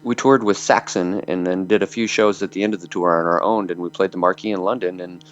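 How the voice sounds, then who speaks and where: A man's voice: sits low, fairly even intonation, brisk. A man in his fifties from Michigan, a metal singer telling rambling anecdotes full of fillers in an interview. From Michigan, USA. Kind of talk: storytelling interview. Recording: dull lo-fi audio.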